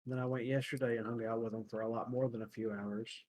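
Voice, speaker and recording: A young man chatting casually on a podcast, with a mid-pitched voice. He tells everyday stories haltingly, stopping for fillers and hunting for the right word. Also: steady tone, darkish tone. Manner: halting, searching for words with many fillers. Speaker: podcast host. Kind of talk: casual chat.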